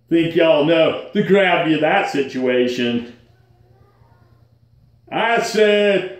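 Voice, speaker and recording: High-pitched dude rambling a car story, slangy, super echoey room. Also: male voice. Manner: animated, acts out quoted lines with jumps in pitch; slangy, folksy. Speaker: vlogger. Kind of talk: casual storytelling to camera. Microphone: phone held at arm's length.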